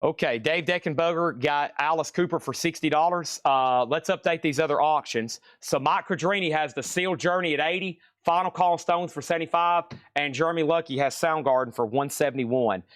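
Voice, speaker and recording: A man's voice: a little high, fairly quick, hardly any pauses, fairly bright tone, smooth, dry recording, studio quality. A man hosting a live-streamed record auction, joking around and repeating items and prices. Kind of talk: live-stream sales patter.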